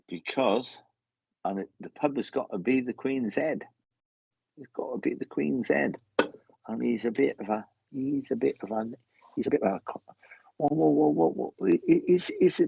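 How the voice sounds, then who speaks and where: A man giving a live mediumship reading, talking in halting, repetitive bursts full of restarts, on slightly dull lo-fi audio. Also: medium pitch, big pitch swings, gravelly, darkish tone, slightly rough, dry recording. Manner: halting, repetitive, with many restarts and self-corrections.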